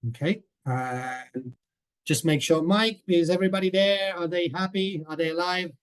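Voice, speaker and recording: A teacher trainer presents a coursebook in a webinar over a video call, his voice high and clean at a normal speed. He's chatty and keeps checking in with listeners by asking "okay?"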